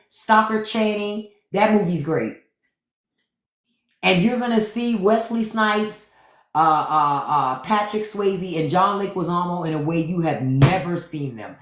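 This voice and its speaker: A woman's voice: fairly low pitch, roomy sound. A woman host giving blunt, profane commentary to livestream viewers, repeating her points. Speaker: podcast host.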